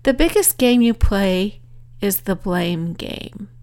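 A woman's voice: medium pitch, lively intonation, takes it slowly, vocal fry, darkish tone. A woman author giving a motivational talk, earnestly telling a personal story. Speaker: author and speaker.

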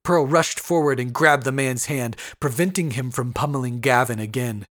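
A man's voice: mid-range voice, normal speed, a bit bright, no room sound, studio quality. A man narrating a scripted horror story with tense, building intensity.

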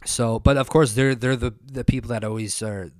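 A man's voice: medium pitch, fairly even intonation, normal speed, dry recording, clean studio sound. Rambling, profane young man. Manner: rambling, profane, many fillers and restarts. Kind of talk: casual opinion monologue.

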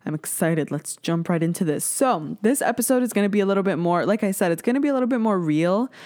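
A woman's voice: mid-range voice, lively intonation, fast, darkish tone. A woman in her twenties with a Canadian accent, hosting a casual solo podcast, chatty and swearing freely. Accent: Canadian English. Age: 20s. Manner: chatty, swears freely, slips into mocking voices. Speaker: podcast host.

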